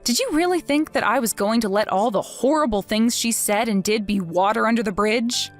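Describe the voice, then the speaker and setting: A woman's voice: fairly high pitch, a little fast, faint music behind, natural voice. A woman voicing a vengeful young wife who speaks in a mocking, sarcastic way. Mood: taunting. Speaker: wife in a text-message story.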